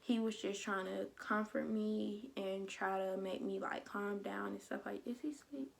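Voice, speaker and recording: A woman's voice: medium pitch, completely flat delivery, a little slow, creaky. A young woman telling a personal story in a casual vlog, acting out what other people said. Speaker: vlogger.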